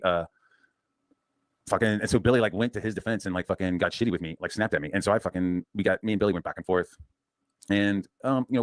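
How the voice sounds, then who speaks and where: Man, deep low voice, rapid profane rambling rant, dry close sound. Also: no echo. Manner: profane, rambling, frequent restarts. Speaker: comics channel host. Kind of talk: casual storytelling rant.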